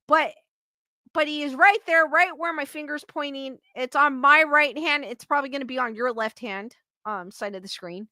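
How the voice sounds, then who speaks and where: A woman's voice: high-pitched, moderate pace, pushed and bright, dry recording, studio quality. A young woman hosting a casual livestream, chatting and giggling as she reads out viewers' comments. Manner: chatty, giggly, quotes chat names aloud. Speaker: livestream host.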